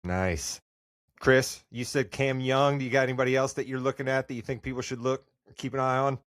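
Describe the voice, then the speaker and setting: Guy hosting a sports podcast, mid pitch, dry close sound, upbeat and chatty. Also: steady tone, a little fast, fairly bright tone, no room sound. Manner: upbeat, loses his train of thought. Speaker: podcast host. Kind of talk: casual sports chat.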